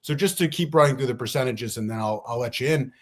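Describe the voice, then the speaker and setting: Man arguing his case emphatically. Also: medium pitch. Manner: emphatic, lecturing, piles up numbers; talks fast at times. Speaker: debater. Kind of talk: debate argument.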